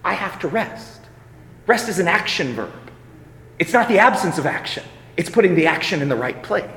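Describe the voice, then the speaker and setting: A man preaching a sermon, moving from quiet reflective passages to loud, emphatic ones. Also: sits high, very animated, moderate pace. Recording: echoey hall reverb.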